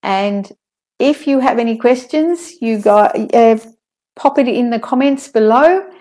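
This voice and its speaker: A woman teaching pronunciation in an online lesson, calmly drilling word pairs and sentences. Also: fairly high pitch. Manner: slow, careful drills with clear word pairs.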